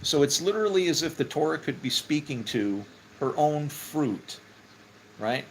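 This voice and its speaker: A man teaching scripture in a casual, conversational way, full of fillers and "okay?" check-ins, with sudden excited rises for emphasis. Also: fairly high pitch, moderate pace, slight background noise, low-quality recording. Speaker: Bible teacher.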